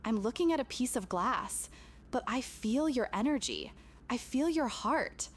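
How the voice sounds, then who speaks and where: A woman's voice: on the high side, lively intonation, a little slow. A woman speaking earnestly and intimately to a camera, delivering a channeled spiritual message with emphatic repetition.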